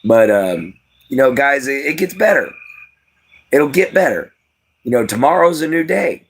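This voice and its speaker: A man's voice: mid-range voice, sing-song, moderate pace, slightly rough. A tired man from Louisiana with a light Cajun accent, chatting casually and folksily as a live-stream host, rambling with lots of fillers. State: tired from lack of sleep.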